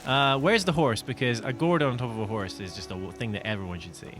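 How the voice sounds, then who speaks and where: A man co-hosting a gaming video, giving giggly, excitable casual commentary. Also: medium pitch, quick pace, over music.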